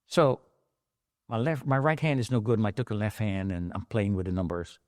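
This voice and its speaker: A man's voice: lowish voice, steady tone, moderate pace, a little mellow, no echo. A middle-aged man recounting how he survived, acting out the voices of the people in his story, heard close on a studio mic. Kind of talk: emotional personal storytelling.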